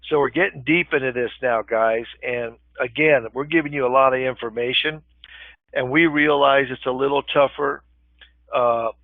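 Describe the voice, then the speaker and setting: Older guy with a gravelly voice teaching a webinar over what sounds like a phone line, chatty, keeps saying okay, dry sound. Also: mid-range voice, fairly even intonation, moderate pace, dry recording. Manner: conversational, often checks in with "okay?". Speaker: real estate webinar instructor.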